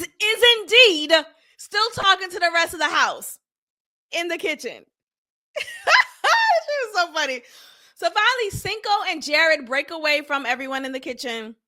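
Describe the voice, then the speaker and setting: A woman hosting her own podcast, recapping a reality show episode in a blunt, animated, slangy way and laughing often. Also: extremely high pitch. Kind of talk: casual recap commentary.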